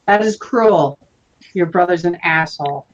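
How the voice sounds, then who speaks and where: A woman's voice: lowish voice, measured pace, a loud crowd. Joking woman with a dull, lo-fi sound. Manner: joking, blunt, acts out voices. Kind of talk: casual chat.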